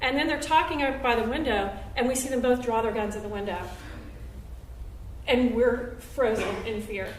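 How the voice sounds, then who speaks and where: A woman telling a story on stage at a live show, acting out what people said with big jumps in pitch and loudness. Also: moderate pace, a little hiss or hum. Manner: animated, acts out quotes with big jumps in pitch and volume. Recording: roomy live venue, recorded from a distance.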